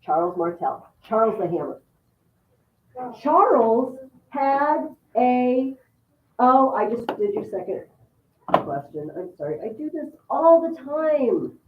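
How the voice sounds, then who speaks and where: A woman teacher with a fairly high voice and a lively, swooping delivery, giving a history lesson and repeating key words for her students. She sounds distant from the microphone in an echoey classroom, with a thin, phone-like sound. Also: slow, background noise. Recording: echoey room, far mic, phone-like sound.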